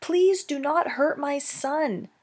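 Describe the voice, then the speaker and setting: A woman voicing a gentle female robot mother, calm and protective, in a measured way. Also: medium pitch, breathy edge. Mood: pleading. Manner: measured and pleading.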